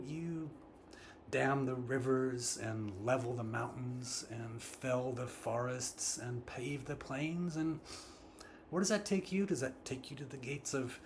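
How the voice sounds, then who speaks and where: A scolding monkey high in the trees, told by a man in a mid-pitched voice. He mocks and lectures with rhetorical questions, pausing on ums. Faint room hum sits underneath. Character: mocking, preachy male monkey in the treetops.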